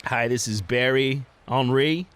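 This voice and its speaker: A man voicing a weary veteran male transit worker with a French Canadian accent, dry and deadpan. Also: mid-range voice, unhurried, clean tone.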